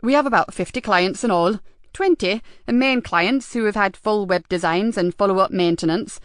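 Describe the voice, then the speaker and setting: A woman's voice: mid-range voice, moderate pace, no echo, clean studio sound, natural voice. A woman voicing an absent-minded middle-aged male web designer, mild and matter-of-fact. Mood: calm.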